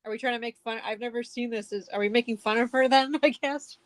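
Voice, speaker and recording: A woman's voice: fairly high pitch, fairly even intonation, quick pace, dry recording. A woman guest artist chatting casually and laughing often while she draws on a stream.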